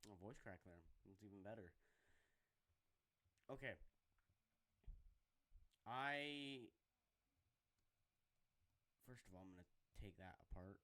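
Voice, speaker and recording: A man's voice: fairly low pitch, slow pace, pauses often, pushed and bright. A man with a Southern US accent giving rambling, self-mocking gameplay commentary, often restarting his sentences. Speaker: video game player and YouTuber.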